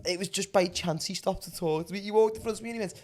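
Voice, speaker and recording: A man's voice: high voice, racing, a little mellow, a little hiss or hum. Scouse guy spinning a long story, swears a lot, keeps saying lad. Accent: Liverpool. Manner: rambling, swears freely, calls people lad. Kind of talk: casual comedic storytelling.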